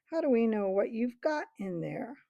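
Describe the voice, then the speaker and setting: A woman's voice: fairly high pitch, big pitch swings, normal speed, vocal fry, dark tone, dry recording. A woman voicing a scornful, cynical male chief dwarf who mocks and sneers in a storybook reading. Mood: sneering. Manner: sneering, mocking. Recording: dull lo-fi recording.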